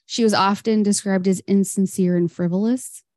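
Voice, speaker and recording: A woman's voice: medium pitch, steady tone, moderate pace, darkish tone, no room sound, clean studio sound. Chatty woman telling a history story. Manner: storytelling, chatty with fillers and laughs. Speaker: podcast co-host. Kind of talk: casual history chat.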